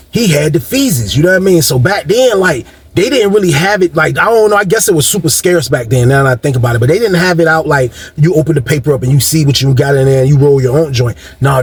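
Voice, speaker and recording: A man casually telling a long story in a rambling, slangy way, addressing his listeners directly. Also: a little high.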